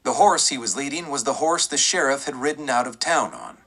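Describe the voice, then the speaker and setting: Bright-voiced male audiobook narrator. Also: medium pitch, expressive, brisk, husky. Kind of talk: scripted western audiobook narration.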